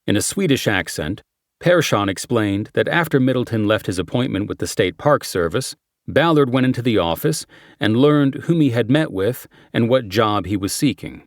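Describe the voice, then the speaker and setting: A man's voice: expressive, normal speed, no echo, studio quality. A man reading a crime thriller audiobook in a scripted narration style, lifting his voice for quoted lines. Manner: lifts pitch and volume for quoted dialogue, drops low for tags.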